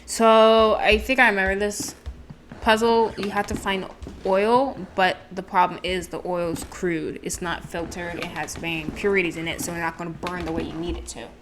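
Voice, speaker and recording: A woman streams gameplay, reading the game's text aloud and chatting with self-deprecating asides as game music plays behind her. Her voice is lowish and a bit bright, with fairly even intonation, a moderate pace, and a little hiss or hum.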